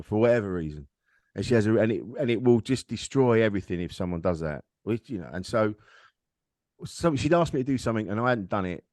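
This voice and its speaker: A man's voice: on the low side, a little mellow, no room sound, studio quality. A man, a comedian guest on a podcast, telling a personal story in a frank, rambling, self-deprecating way. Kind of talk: candid conversational storytelling.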